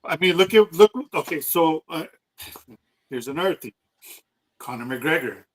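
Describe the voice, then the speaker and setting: A man's voice: a little high, lively intonation, normal speed, low-quality recording. A man co-hosting a podcast, chatting casually and bluntly, cursing as he rants. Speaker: podcast co-host. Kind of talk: casual chat.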